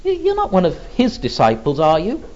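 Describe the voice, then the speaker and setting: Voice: mid-range voice, huge pitch swings, brisk, darkish tone, voice pushed up. A preacher voicing a teasing young serving girl at a gate, stammering in a sing-song way, on a dull lo-fi recording. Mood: mocking. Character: mocking young gatekeeper girl.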